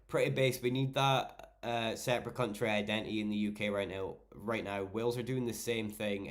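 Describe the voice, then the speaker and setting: Tipsy Scottish streamer, low voice. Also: male voice. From Scotland. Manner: rambling, heavy swearing, joking. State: intoxicated and tired. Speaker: livestreamer reading chat. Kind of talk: casual livestream chat.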